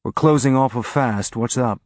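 A man's voice: mid-range voice, moderate pace, a little mellow, no room sound, close to an everyday voice. A dry, wry spaceship captain giving orders and trading jokes, in a man's mid-range voice that a narrator puts on. The recording is close and dry.

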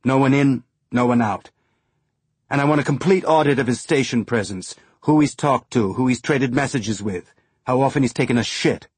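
A man voicing a hardened male rebel leader who speaks softly and gives clipped commands, in an audiobook. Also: medium pitch, normal speed, husky, dry recording, natural voice. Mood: commanding. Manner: soft, controlled, clipped commands. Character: older male revolutionary leader, calm but menacing.

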